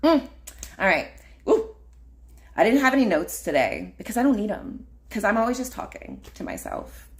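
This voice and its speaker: Slow, low-voiced woman chatting casually. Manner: rambling, filler-heavy, frequent laughs and "like". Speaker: podcast host. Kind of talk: casual solo livestream chat.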